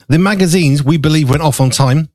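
A slightly higher-voiced man hosts a live studio show, talking in a loose, rambling way full of fillers. He sounds a little out of breath. The sound is dry and close. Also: moderate pace, darkish tone, dry recording. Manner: chatty, rambling with fillers, eating while talking. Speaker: show host. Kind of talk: casual live studio chat. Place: small studio.

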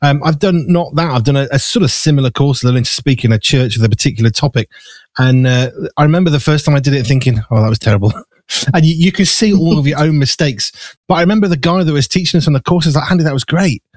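A man from the Black Country with a softened Black Country accent, hosting a chatty radio interview and laughing easily. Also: a little high, fast talker, dry recording. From Black Country, English Midlands. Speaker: radio show host. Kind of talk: casual interview chat.

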